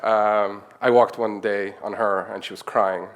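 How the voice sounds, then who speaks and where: A man with a low voice talks through a conference presentation as a run of anecdotes. He is chatty and laughs easily, and he slips into the voices of the people he quotes. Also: steady tone, unhurried. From Egypt. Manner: chatty, acts out quoted dialogue, chuckles often. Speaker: conference speaker, nonprofit founder. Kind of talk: conference talk, anecdotal storytelling.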